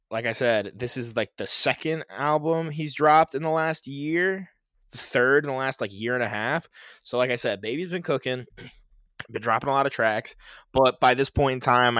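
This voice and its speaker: A man's voice: mid-range voice, moderate pace, a bit bright, smooth, no echo, studio quality. A man co-hosting a podcast, chatting casually about new music, rambling with fillers and laughing as he goes. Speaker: podcast co-host. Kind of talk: casual music review chat.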